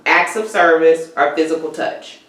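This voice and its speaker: A woman's voice: low voice, normal speed, a bit bright. A woman co-hosting a casual live chat, asking questions playfully. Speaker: co-host. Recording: echoey room, distant mic.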